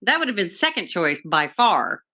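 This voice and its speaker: A woman's voice: mid-range voice, normal speed. A woman co-hosting a casual podcast chat, eagerly retelling scenes from a TV episode and acting out what people said. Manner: animated storyteller, acts out quotes. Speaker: podcast co-host. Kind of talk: casual chat recapping a TV show.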